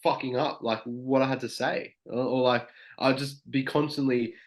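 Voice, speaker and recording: A man's voice: mid-range voice, steady tone, moderate pace. A young man guest talking casually and openly, peppering his speech with "like" and frequent swearing. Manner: loose, heavy on "like" and swearing. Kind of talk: casual podcast chat.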